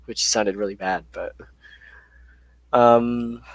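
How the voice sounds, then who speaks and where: A young man with a middle-pitched voice hosts a casual live-stream Q&A, reading chat messages aloud and answering with loose, filler-heavy chatter. The sound is dry and close, with no room around it. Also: slow, creaky, no room sound. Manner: reads chat questions aloud, relaxed and chatty with many fillers.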